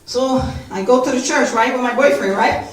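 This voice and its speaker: A woman's voice: normal speed, natural voice. A woman playing a brash young Puerto Rican woman who goes clubbing and talks casually, filling her speech with "you know", in a one-woman stage comedy. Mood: chatty. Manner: lower and softer, street talk with constant "you know". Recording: echoey stage from far off.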